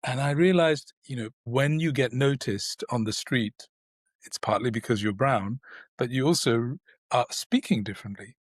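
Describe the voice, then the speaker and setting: A man in his sixties speaks with a standard British accent, measured and reflective, with small restarts as he thinks. His voice sits in a middle register and the sound is dry and close. He talks as a guest in an unhurried interview. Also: medium pitch, dry recording. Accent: standard British English. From South Asia, raised in the United Kingdom. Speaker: guest, neurologist. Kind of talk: thoughtful conversational interview.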